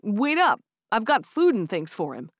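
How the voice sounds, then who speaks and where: A woman plays a calm young Amish man who gives gentle, teasing orders in a firm, steady voice. The sound is dry and close, with lively pitch. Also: normal speed, no echo. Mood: warm. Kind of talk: audiobook character voice.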